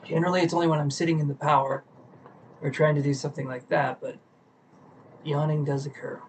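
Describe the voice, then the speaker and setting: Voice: medium pitch, level tone, brisk, slight background noise, poor audio. A tarot reader chatting casually on a live stream while shuffling cards, sleepy and yawning, greeting viewers and a pet.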